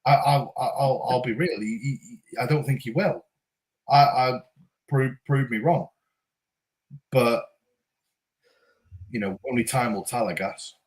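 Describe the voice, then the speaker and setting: A man's voice: medium pitch, a little slow, pauses often. A man co-hosting a casual football chat podcast, laughing often and stammering as he starts sentences. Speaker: podcast co-host.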